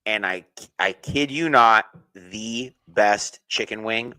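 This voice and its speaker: Man, podcast guest, sardonic swearing jokes, crisp voice, dry remote call. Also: on the low side, slow pace, bright, forceful tone, no room sound, low-quality recording. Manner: profane, sardonic joking. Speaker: podcast guest, political activist. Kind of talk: casual podcast chat.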